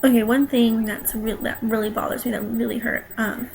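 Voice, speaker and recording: A woman's voice: fairly high pitch, flat delivery, moderate pace, creaky, background noise. Upset young woman ranting on camera. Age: young adult. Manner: upset, defensive, talking straight to viewers. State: near tears at times. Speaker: vlogger. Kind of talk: emotional vlog rant.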